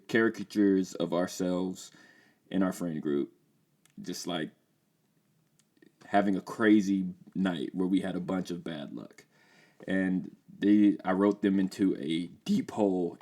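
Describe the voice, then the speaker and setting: A man's voice: low voice, warm tone. A young man hosting a podcast, casually reading aloud an old script he wrote, laid-back and self-deprecating. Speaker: podcast host.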